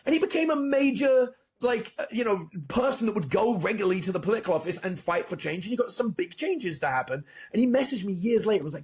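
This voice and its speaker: A man, a dating coach, telling animated stories as a podcast guest, acting out both sides of past conversations. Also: high voice, fast, few pauses. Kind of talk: storytelling in a podcast interview.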